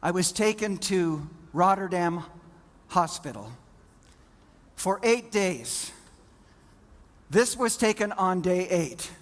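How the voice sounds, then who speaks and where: A middle-aged man giving a motivational keynote, telling a story with dramatic pauses. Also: sits high, lively intonation. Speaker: keynote speaker.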